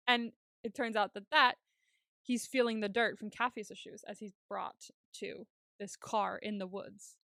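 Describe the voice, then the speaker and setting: A woman's voice: mid-range voice, measured pace, gravelly, no room sound, clean studio sound. A woman co-hosting a podcast, casually recapping a TV episode and acting out the characters' lines. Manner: animated retelling, acts out characters' lines, laughs often. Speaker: podcast co-host.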